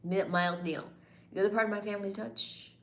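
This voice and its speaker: A woman's voice: medium pitch, steady tone, fairly quick. Teasing female streamer bantering with chat, roomy echo. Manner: playful, teasing, bantering with commenters. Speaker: livestream host reading chat. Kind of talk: casual live chat.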